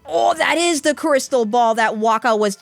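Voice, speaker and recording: A woman's voice: on the high side, animated, moderate pace, vocal fry, no room sound. A young adult woman giving casual, playful gameplay commentary, gushing over the game and laughing often. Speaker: let's play gamer. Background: faint game music.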